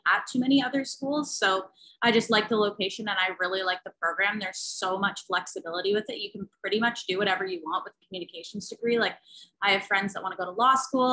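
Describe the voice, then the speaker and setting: Young woman, student, enthusiastic, bright voice, casual video call talk. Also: mid-range voice, rough recording. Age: young adult. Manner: upbeat and enthusiastic. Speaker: student ambassador.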